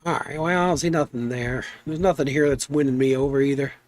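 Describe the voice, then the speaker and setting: A young man chatting in a relaxed, rambling way while streaming a game, trailing off into asides. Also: medium pitch, fast talker. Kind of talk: relaxed live stream chat.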